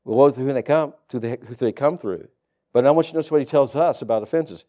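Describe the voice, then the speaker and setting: A male pastor preaching a sermon, reading scripture aloud and rising into loud, fervent preaching. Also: medium pitch, fast.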